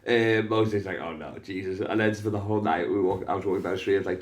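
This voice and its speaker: Liverpool comedian-host, young, lowish voice, animated storyteller who swears freely. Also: male voice, fast. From Liverpool, England. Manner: animated, swears a lot, acts out voices in his stories. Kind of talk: casual storytelling chat.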